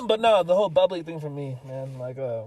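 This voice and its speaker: A man's voice: fairly high pitch, moderate pace, no echo, far from the mic. A young man co-hosting a podcast, chatting casually and joking from inside a car. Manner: animated, joking, laughs often. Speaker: podcast co-host. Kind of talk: casual chat.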